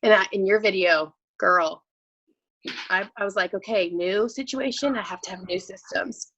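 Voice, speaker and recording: A woman in her thirties, a coaching client, talking through her feelings in a raw, emotional, halting way with many restarts. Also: medium pitch, a bit bright, muffled recording. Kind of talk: emotional live coaching session.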